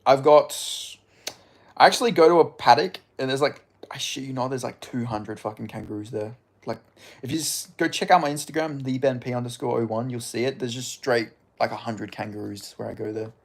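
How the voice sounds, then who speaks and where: A young Australian man streaming, chatting casually with viewers in a sweary, rambling way. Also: mid-range voice. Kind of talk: casual live-stream chat.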